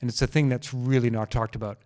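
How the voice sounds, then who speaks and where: A man's voice: mid-range voice, steady tone, fast talker, a little mellow. A man hosting a solo health podcast, talking into a microphone in an earnest, casual way and repeating key phrases for emphasis. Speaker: chiropractor podcast host.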